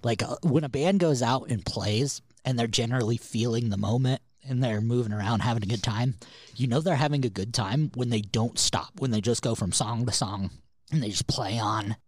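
A man's voice: medium pitch, normal speed, dry recording, clean studio sound. A man co-hosting a podcast, telling rambling anecdotes in casual chat and swearing freely. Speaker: podcast co-host.

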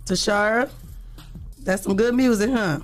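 A co-host talking casually in a radio studio, lively and quick to laugh, who also reads a news story aloud. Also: female voice, medium pitch, soft background music.

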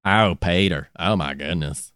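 A man's voice: low-pitched, a little slow, fairly bright tone, clean tone, no room sound, clean studio sound, pitched below the performer's own voice. Man doing a flustered, fussy messenger god.

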